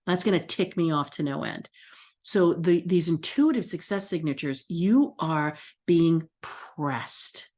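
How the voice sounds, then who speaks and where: A woman's voice: on the low side, slow, darkish tone. A middle-aged woman astrology coach talking casually to her audience, acting out her own self-talk.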